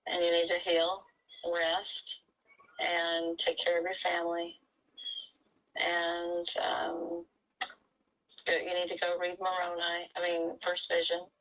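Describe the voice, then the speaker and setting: A woman talks in a casual, animated way, running through a long story and acting out what people said. Her voice sits fairly low, with a gravelly edge and a bright, forward tone. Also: slow, pauses often, low-quality recording. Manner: animated storytelling, acts out quotes. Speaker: interviewee. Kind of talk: casual recorded conversation.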